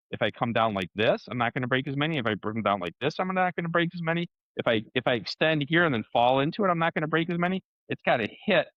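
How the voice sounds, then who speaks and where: A man telling a story in a lively way, with sound effects and acted-out dialogue. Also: mid-range voice, dry recording, muffled recording. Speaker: co-host and martial arts competitor. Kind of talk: animated casual storytelling.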